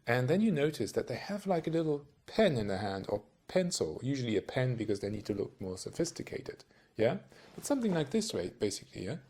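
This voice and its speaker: A man's voice: medium pitch, sing-song, fairly quick, darkish tone. A man giving a casual tutorial on voice-over work, talking straight to the viewer in a chatty, rambling way and often checking in with questions. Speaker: voice-over coach. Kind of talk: casual talk-to-camera tutorial.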